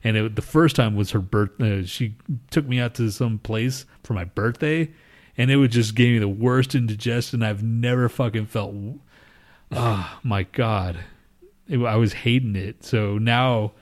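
A podcast co-host with a fairly low voice and a slightly slow pace trades casual banter. He laughs, swears, and teases in a lively way.

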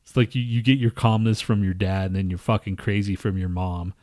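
A man's voice: on the low side, steady tone, brisk, a little mellow, dry recording, studio quality. A man co-hosting a podcast, chatting casually with lots of swearing, laughter and teasing. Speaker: podcast co-host. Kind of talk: casual crude banter.

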